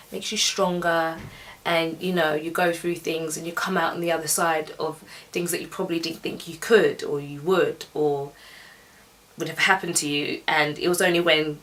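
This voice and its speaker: A woman's voice: low voice, a bit bright, distant mic. A young woman giving a casual, chatty, opinionated film review, laughing as she goes.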